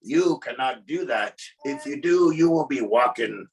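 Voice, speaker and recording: A man putting on a gruff old-time male pirate voice, growling "arr" and dropping his grammar, recorded from some distance. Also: medium pitch, expressive, measured pace, slight background noise. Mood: playful.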